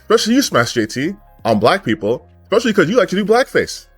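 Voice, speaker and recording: A man's voice: sits high, big pitch swings, fast talker, slightly rough, no echo, faint music behind. A man giving a heated, profane commentary rant, angry and sarcastic. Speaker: gaming commentary YouTuber.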